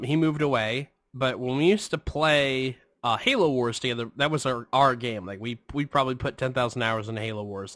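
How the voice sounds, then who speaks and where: A man's voice: mid-range voice, a bit bright, no room sound. A man co-hosting a podcast, telling a rambling, profane story in casual chat. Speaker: podcast co-host.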